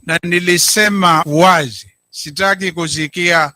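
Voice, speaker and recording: A middle-aged Kenyan man, a county governor, giving a deliberate public speech and stressing his key words. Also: high-pitched, fairly even intonation, bright, forceful tone, dry recording. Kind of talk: public speech, code-switching.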